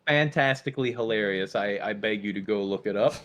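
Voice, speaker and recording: A young man co-hosting a casual podcast, telling stories in an animated, playful way and slipping into silly voices. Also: fairly low pitch, a little fast. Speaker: podcast co-host. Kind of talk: casual chat.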